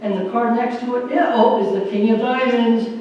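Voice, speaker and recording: A man's voice: extremely high pitch, steady tone, moderate pace, darkish tone, muffled recording, a little hiss or hum. A man giving an earnest, folksy stage talk with a magic trick, joking with a church audience. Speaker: magician and motivational speaker. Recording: echoey hall from far off.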